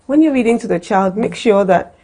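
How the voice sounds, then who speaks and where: A middle-aged woman from Africa, an author and children's educator, explaining reading tips on a talk show in an animated, demonstrative way. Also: mid-range voice, a little fast.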